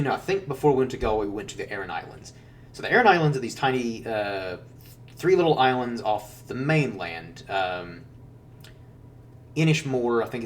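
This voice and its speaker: Man, fairly low voice, casual rambling vlog talk, heard from a distance, faint hum behind. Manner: rambling, filler-heavy, frequent self-corrections. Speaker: travel vlogger. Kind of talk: casual chat.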